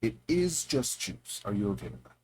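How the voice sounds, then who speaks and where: A man voicing a chatty, friendly female tiefling bartender in a tabletop game, in a high chirpy tone. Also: lively intonation, normal speed, a little mellow, husky, poor audio.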